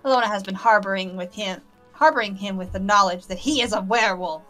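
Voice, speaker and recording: A stern woman hunter presiding over a trial, as a woman reads her lines aloud in a visual novel let's play. Her speech is formal, measured and authoritative, at a middle pitch, with soft background music behind her. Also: close to an everyday voice. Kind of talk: reading game dialogue aloud.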